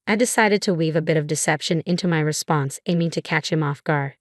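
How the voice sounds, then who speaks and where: Low-voiced woman narrating a story. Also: dry recording, studio quality. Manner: steady, measured storytelling. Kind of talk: scripted first-person story narration.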